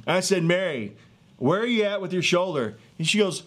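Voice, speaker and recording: A man in his thirties or forties, a street evangelist telling a healing testimony in an earnest, excitable way with many fillers and restarts, outdoors in a neighborhood. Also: high-pitched, fairly quick. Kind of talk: animated testimony storytelling.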